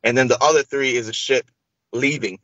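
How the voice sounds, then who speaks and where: Over audio with no echo and the highs cut off, a man talks briskly in a mid-range voice as an interview guest. He tells the host a long personal story casually, animated and acting out the dialogue.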